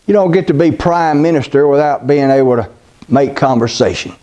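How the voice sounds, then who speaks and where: A man's voice: medium pitch, fairly quick, warm tone, muffled recording. A man preaching a sermon, retelling a scripture story in a folksy, dramatic way and calling his listeners buddy.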